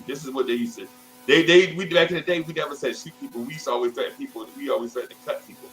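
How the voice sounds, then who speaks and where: A man's voice: medium pitch, very fast, soft background music, low-quality recording. A man in his fifties telling a rambling childhood story in casual talk, jumping into other people's voices as he goes. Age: 50s. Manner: animated, acts out other people's voices in quotes; loose, rambling, restarts and asides. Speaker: show host.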